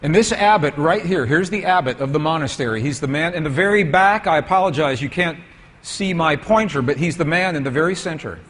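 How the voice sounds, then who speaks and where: A man's voice: on the high side, animated, brisk, fairly bright tone, slightly rough. A man giving a storytelling lecture with slides to an audience, asking them questions as he goes.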